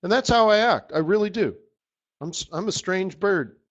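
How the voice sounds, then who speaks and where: A man leads a live trading strategy session with a fairly high voice. He talks in a rambling, animated pep-talk manner to his audience. The audio is dull and lo-fi, like a muffled web stream. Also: moderate pace. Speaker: forex market strategist hosting a live session.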